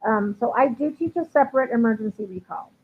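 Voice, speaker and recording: A woman's voice: on the high side, animated, brisk. A woman dog trainer answering viewer questions in a casual live stream, chatty with frequent ums and likes. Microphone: livestream computer mic. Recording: tinny phone-like line with faint hiss.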